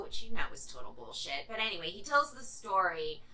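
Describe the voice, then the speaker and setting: A woman's voice: medium pitch, big pitch swings, fairly quick, hardly any pauses, sharp tone, distant mic, poor audio. A woman reviewing a movie in a casual vlog, sarcastic and irreverent, swearing freely.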